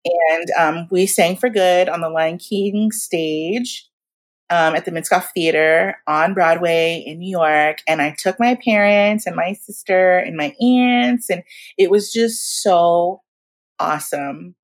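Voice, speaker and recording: Forties woman telling stories in an interview, lowish voice, slangy, acts out every line people said. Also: slow pace. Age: 40s. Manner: animated, slangy, acts out quotes. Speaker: guest. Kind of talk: storytelling in a casual interview.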